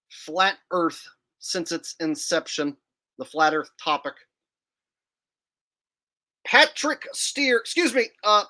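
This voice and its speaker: A man's voice: high-pitched, pushed and bright. A man hosting a livestream, rambling and joking in casual, profane commentary. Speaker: streamer host.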